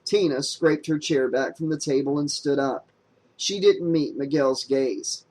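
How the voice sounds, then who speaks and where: A man reading an audiobook aloud in steady, plain narration. His voice sits a little higher than most men's. The pacing is even. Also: a little slow, rough recording.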